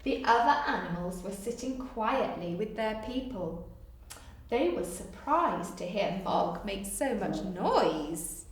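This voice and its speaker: A woman reading a picture book aloud to children, with animated, coaxing asides that invite them to join in, recorded in an echoey room. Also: mid-range voice, takes it slowly, far from the mic. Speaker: storyteller for children.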